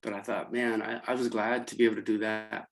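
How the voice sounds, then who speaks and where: A middle-aged man from Central California telling stories as an interview guest, halting and full of restarts, his voice lifting when he quotes students. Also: fairly low pitch, little pitch movement, creaky, low-quality recording. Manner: halting, many restarts and fillers, voice rising when quoting students. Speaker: interview guest, college program founder. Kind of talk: emotional conversational storytelling.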